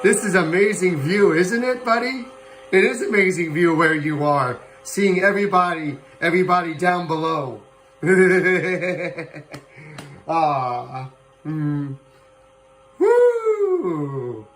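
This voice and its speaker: High-voiced, slow-talking male streamer. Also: poor audio. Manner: excitable, whooping and chuckling. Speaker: livestream host. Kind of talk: playful live commentary on a flight sim show.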